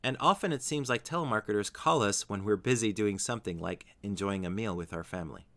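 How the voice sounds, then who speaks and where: A man teaching English vocabulary in a scripted lesson, saying each example word slowly and carefully. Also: fairly low pitch, a bit bright. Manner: slow, careful pronunciation of example words.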